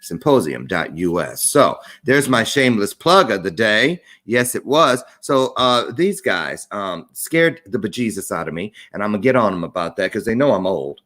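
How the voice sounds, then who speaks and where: A man's voice: on the low side, very animated, moderate pace, few pauses, a bit bright. A middle-aged man hosting a live-streamed talk show, chatty and playful with jokey asides.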